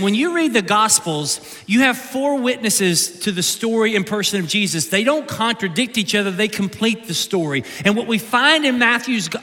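A man preaching in a high, sharply bright voice that swings widely up and down, joking with the congregation and doubling back on his words. The sound rings with the long reverb of a large church hall. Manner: animated, joking, repeats words mid-sentence. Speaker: pastor. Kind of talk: humorous sermon.

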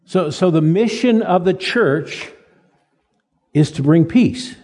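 Older male pastor, folksy and halting, warm mellow voice, a bit husky, long hall reverb. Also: sits high, expressive. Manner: folksy, halting restarts, self-deprecating humor. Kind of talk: sermon.

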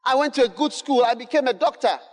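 A man preaching a sermon, emphatic and repetitive, often rising to shouts and calling to the congregation. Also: very high voice, animated, fast talker. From Ghana. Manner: emphatic, repetitive, building to shouts, call-and-response. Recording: long hall reverb.

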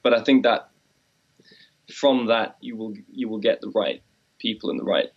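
A man's voice: lowish voice, normal speed, husky. A man in a casual chat who rambles through his thoughts in a reflective way. He breaks into quoted voices now and then, and the recording sounds slightly dull and lo-fi. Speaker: musician co-host.

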